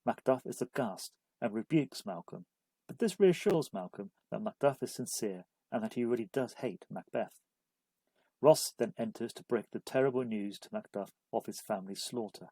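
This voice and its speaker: A man reads a scripted study-guide lesson in a measured, even way. His voice is mellow and a little husky, and the recording is dry and close. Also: fairly low pitch, dry recording, rough recording. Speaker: literature explainer. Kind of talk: scripted narration.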